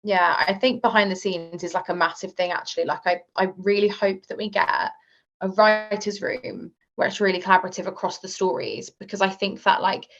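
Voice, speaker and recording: A woman's voice: medium pitch, flat delivery, fairly quick, a bit bright. A woman talking as a guest on a podcast, chatty and casual, often filling with "like" and "um". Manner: chatty, leans on fillers like "like" and "um". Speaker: guest author. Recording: slightly muffled lo-fi recording.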